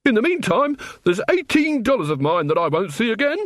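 A man voicing an indignant fat male shopkeeper who whines and complains in a high, shrill voice. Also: wildly swooping pitch, moderate pace, no echo, studio quality, full character voice.

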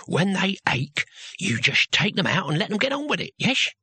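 A man voicing a touchy, toothless old male barbarian hero in a storybook reading, talking gruffly and with sarcasm. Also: sits high, sing-song, normal speed, bright, forceful tone, no room sound, pitched above the performer's own voice, exaggerated voice. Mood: awed.

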